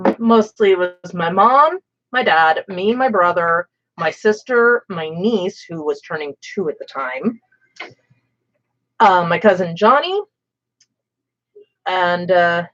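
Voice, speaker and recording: Woman streamer, lively swooping delivery, casual storytelling, slightly dull lo-fi audio. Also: mid-range voice. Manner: animated, expressive storyteller who swears casually. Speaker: streamer host. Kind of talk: casual storytelling while painting.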